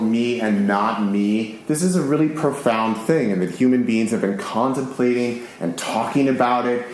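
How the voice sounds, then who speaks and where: A man from the United States, giving a live public lecture in an excitable, animated, casually profane way. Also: medium pitch, a little hiss or hum. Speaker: speaker giving a public talk. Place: large concert hall with an audience. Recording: very echoey live hall recording.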